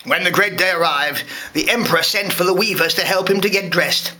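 A man, a parent, reading a fairy tale aloud to a school class in a lively, expressive way. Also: high voice, brisk, slight background noise. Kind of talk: storybook read-aloud.

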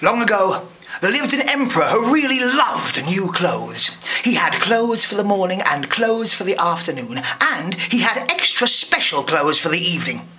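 Man reading a storybook to kids, lively sing-song melody, bright clear voice. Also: sits high, moderate pace. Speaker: parent reading to a class. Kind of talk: storybook read-aloud.

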